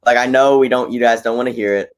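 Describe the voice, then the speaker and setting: A man talking basketball as a fan guest on a casual live stream, excitable and loose, saying "bro" and "like" a lot. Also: mid-range voice, fast talker, clear, resonant tone.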